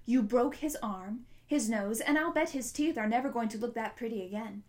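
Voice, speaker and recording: A woman's voice: on the high side, normal speed, lightly acted. A woman voicing a stern older headmistress. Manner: sharp, scolding.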